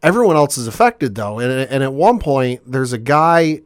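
A man on a podcast panel, talking through a TV episode in a loose, rambling recap full of fillers and paraphrase. His voice sits at an ordinary middle pitch. The sound is dry and close, with no room echo. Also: very animated, normal speed. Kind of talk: casual chat, episode recap.

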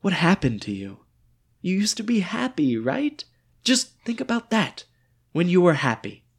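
A man's voice: sits high, very animated, unhurried, breathy edge, heavily acted. A man reading the part of a ghostly dictator with a bullet wound, needy and melodramatic, in a stage play reading. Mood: brooding. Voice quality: theatrical, swinging between whimpers and outbursts.

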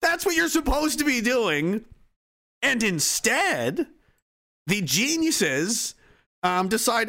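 A man talking casually, profanely and excitedly, full of "like" and restarts. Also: very high-pitched, slow, long pauses. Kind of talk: casual rant.

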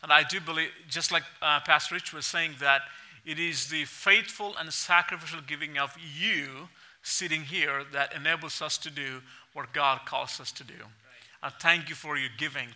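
A man's voice: on the high side, pushed and bright. A man with an Indian accent preaching a sermon in a church and reading scripture aloud in an earnest way, repeating phrases. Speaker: pastor.

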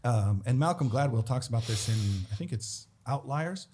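A man with a husky, slightly breathy voice tells stories in a relaxed talk. He slips in and out of the voices of the people he describes. His pitch sits in the middle. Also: normal speed. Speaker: guest. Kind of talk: casual storytelling.

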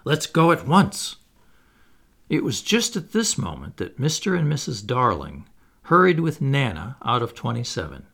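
A man reading a children's story aloud as narrator, in an expressive, playful way. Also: mid-range voice, gravelly. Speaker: audiobook reader.

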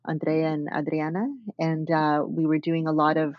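A woman's voice: deep voice, completely flat delivery, moderate pace, no room sound. Reflective woman, slightly muffled. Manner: thoughtful, many fillers and restarts. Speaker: dance artist and guest. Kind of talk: reflective conversational interview.

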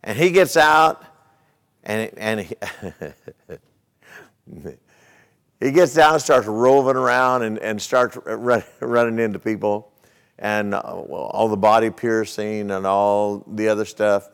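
A man's voice: fairly low pitch, steady tone, slow pace, gravelly, pauses often, clear, resonant tone. Folksy male preacher telling a story. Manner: folksy storytelling with rhetorical questions. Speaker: pastor. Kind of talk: sermon.

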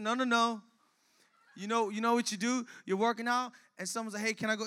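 High, bright-voiced young pastor preaching. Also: male voice, fast talker. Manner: animated, acts out little scenes in casual slang. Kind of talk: energetic sermon.

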